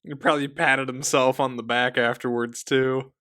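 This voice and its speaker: A man's voice: medium pitch, little pitch movement, moderate pace, pushed and bright. A man co-hosting a movie podcast in casual chat, giving short, dry, teasing replies. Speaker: podcast co-host.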